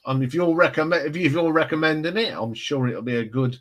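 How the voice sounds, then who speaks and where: A man's voice: on the high side, fast talker, a bit bright, rough recording. A man hosting a casual live stream, chatting and telling rambling stories. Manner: rambling, chatty storyteller with restarts. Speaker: livestream host.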